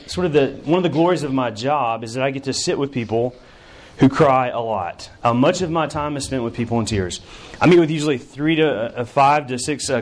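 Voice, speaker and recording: A middle-aged man preaching a sermon in a conversational, self-deprecating way, with many fillers. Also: medium pitch. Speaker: campus minister.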